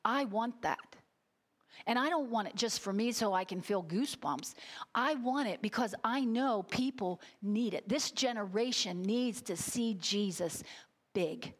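A woman's voice: a little high, measured pace. A middle-aged woman preaching a sermon, telling a story with emphatic, heartfelt delivery and getting choked up at times. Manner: storytelling, emphatic, gets emotional.

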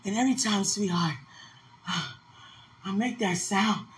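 A woman's voice: mid-range voice, takes it slowly, slight background noise, low-quality recording. Weepy woman moaning fervent prayers. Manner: fervent and overwhelmed, moaning, repeated cries to God. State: weepy, intermittently crying. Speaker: vlogger sharing a spiritual experience. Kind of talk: emotional spontaneous monologue. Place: at home in an apartment.

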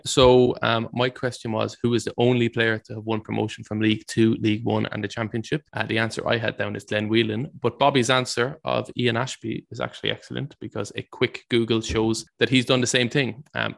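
Guy running a football quiz podcast, bit of gravel in his voice, jokey. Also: mid-range voice, a bit bright. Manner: reads trivia questions, jokey. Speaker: quiz host. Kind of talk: casual podcast quiz chat.

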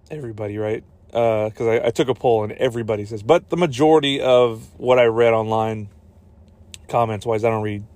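Young male solo podcast host: loose, profane, jokey, acts out lines in silly voices. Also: mid-range voice. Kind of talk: casual solo podcast rant.

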